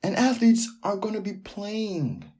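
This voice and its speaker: A man hosting a sports podcast alone, talking in a loose, animated way that keeps drifting off into tangents. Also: high-pitched, measured pace. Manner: rambling, animated, riffs off on tangents. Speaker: podcast host. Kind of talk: casual sports podcast monologue.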